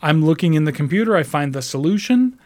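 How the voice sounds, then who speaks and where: A man's voice: a little high, fast talker. Rambling, profane man telling a story. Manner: rambling, profane, frequent restarts; animated, mimics other voices while retelling. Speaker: call center customer service agent. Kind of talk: casual storytelling monologue.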